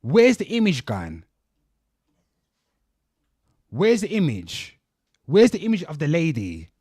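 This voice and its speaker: A man's voice: on the high side, huge pitch swings, takes it slowly, a little mellow, husky, no room sound, studio quality. A man hosting a livestream, ranting angrily about news stories, swearing heavily and calling out to his viewers. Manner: profane, heated, keeps addressing viewers. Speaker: livestream host. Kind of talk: angry news rant.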